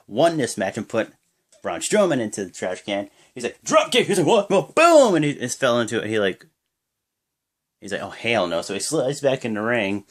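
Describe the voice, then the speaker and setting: Excitable young man recapping wrestling. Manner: excitable, acts out wrestlers' lines in high yells; rambling with many fillers. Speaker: wrestling show reactor. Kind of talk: casual play-by-play recap.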